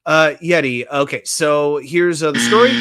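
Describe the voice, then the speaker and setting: Heavy background noise surrounds a slightly high-voiced man who takes things slowly. He's the animated, joking host of a casual sports talk stream, running trivia and reading the chat aloud.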